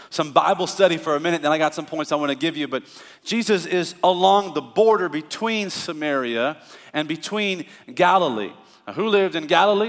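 A man preaching to his church, his voice sitting a little high for a man. He talks plainly and casually, then presses into louder, emphatic runs. A long church-hall reverb trails behind every word. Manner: conversational preaching with rising emphatic bursts. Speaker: pastor. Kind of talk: sermon.

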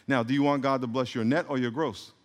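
A man's voice: medium pitch, steady tone, fast. A middle-aged man preaching a sermon as a pastor, joking in rambling asides and calling for responses from the congregation. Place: church sanctuary. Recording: reverberant hall.

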